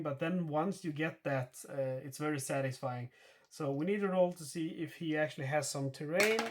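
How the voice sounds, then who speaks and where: A man narrating a solo board game playthrough, thinking aloud with many fillers and self-corrections as he explains each rule and dice roll. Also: a little high. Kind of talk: casual explanatory playthrough commentary.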